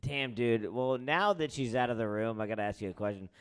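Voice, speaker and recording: Loud teasing comedy host. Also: male voice, mid-range voice, a little fast, clear, resonant tone. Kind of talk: stand-up crowd work. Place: comedy club stage.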